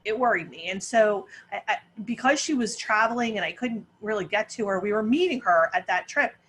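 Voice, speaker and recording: A woman's voice: mid-range voice, expressive, a little fast, a bit bright, slight background noise. A middle-aged woman, a parent panelist, telling a long story with many restarts over a video call.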